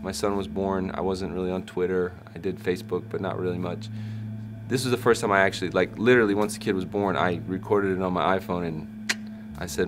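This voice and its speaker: A man in his thirties, a Christian hip hop artist, telling a personal story in an interview with animated shifts as he acts out what people said. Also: deep voice, a little fast, over music. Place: backstage at a concert.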